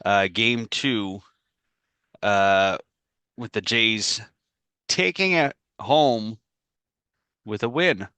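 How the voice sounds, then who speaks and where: A man with a bright, forceful voice chats on a podcast, rambling through an anecdote and breaking into laughter. He sounds close and dry over his video-call mic, with no room sound around him. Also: fairly low pitch, clear, resonant tone, no echo. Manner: rambling storytelling, quick to laugh. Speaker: podcast co-host. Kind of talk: casual podcast chat.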